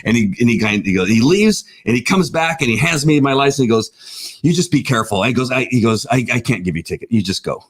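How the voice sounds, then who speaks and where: A middle-aged man, co-host of a casual talk show, telling a long story and acting out the voices in it. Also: fast. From Southern California. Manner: animated storyteller, acts out voices with big pitch jumps. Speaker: podcast co-host.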